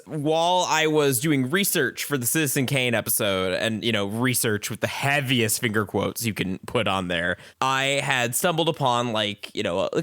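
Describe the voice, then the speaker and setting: Bright-voiced podcast host, dry sound. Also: male voice, mid-range voice, no room sound. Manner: self-deprecating, rambling storytelling. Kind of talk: casual chat.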